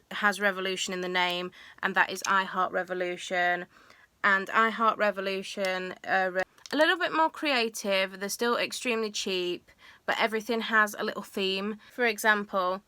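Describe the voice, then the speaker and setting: A woman's voice: mid-range voice, fairly even intonation, moderate pace, pushed and bright, clear, resonant tone, dry recording. A woman, a makeup artist, chatting through a beauty tutorial with frequent ums and restarts. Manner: chatty, with frequent um fillers and self-corrections. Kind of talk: casual beauty tutorial talk.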